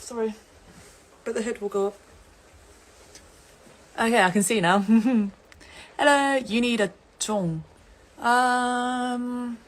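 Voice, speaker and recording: A young woman from England, chatting casually and giggling on an Instagram live stream. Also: medium pitch. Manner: giggly and chatty, laughs often.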